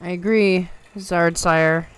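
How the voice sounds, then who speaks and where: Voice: mid-range voice, fairly even intonation, slow pace, a bit bright, clean tone. A live-stream host giving emotional reaction commentary, gushing over the moment and chatting with viewers.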